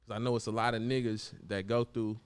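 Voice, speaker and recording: A man's voice: lowish voice, brisk, clean tone. A young adult man from Oakland, a rapper guest, talking loosely in slang and acting out quotes from others. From Oakland, California. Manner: loose, animated storytelling with slang and acted quotes. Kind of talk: casual interview talk.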